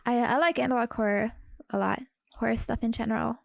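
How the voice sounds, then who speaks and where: A woman streamer reacting to videos in a cozy sister role-play, talking softly and teasingly. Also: a little high, fairly even intonation, a little fast, gravelly, no room sound.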